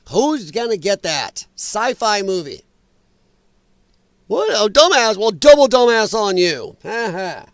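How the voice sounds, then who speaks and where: A man's voice: high-pitched, a bit bright, dry recording. A middle-aged man hosting a casual political livestream, rambling and joking while reading chat aloud. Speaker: livestream host.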